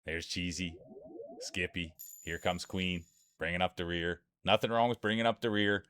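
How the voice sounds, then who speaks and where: Deep-voiced man calling marble races. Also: level tone, moderate pace, a bit bright, smooth. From Canada. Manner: hyped announcer patter, chatting with viewers. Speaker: streamer doing marble race commentary. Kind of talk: playful sports-style race commentary.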